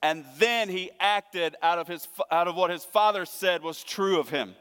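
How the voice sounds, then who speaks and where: A middle-aged man preaching a sermon as pastor, earnest, moving between hushed tender lines and emphatic raised passages. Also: sits high, normal speed, clean tone. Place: church sanctuary. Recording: long hall reverb.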